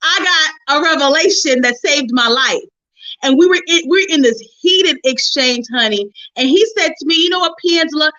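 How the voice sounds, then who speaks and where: A middle-aged woman hosts a relationship call, talking in a lively, preachy testimony style and calling her listeners honey and sis. Her voice is high and bright. The sound is dull and lo-fi, like a call line. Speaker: host of a relationship forum.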